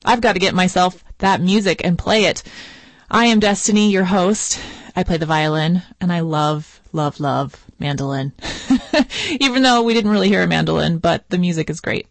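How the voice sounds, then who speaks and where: Woman, classical radio host, chatty, enthusiastic, slightly low voice, dry close studio mic. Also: normal speed, gravelly, no room sound. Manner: chatty and enthusiastic, laughs easily. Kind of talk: public radio announcing. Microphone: studio microphone.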